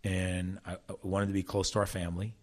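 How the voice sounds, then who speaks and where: A man's voice: low voice, fairly quick. A middle-aged man from South Jersey, an interview guest telling stories from his playing career with lots of restarts and repeated words. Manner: animated storyteller with many restarts. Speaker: interview guest, former player and coach. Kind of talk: storytelling conversation.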